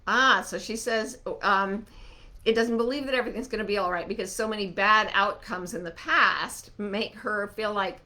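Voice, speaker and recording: Bright-voiced woman host, gently coaching. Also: medium pitch, slight background noise. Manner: warm, animated, soothing when slowing down. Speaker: host answering listener questions. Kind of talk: live online Q&A talk.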